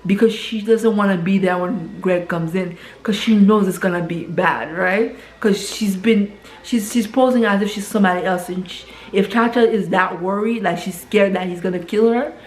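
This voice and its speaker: A woman casually retelling a film plot. She keeps adding "right?" and repeats words as she rushes ahead. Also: mid-range voice. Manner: tags nearly every sentence with "right?". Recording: roomy echo.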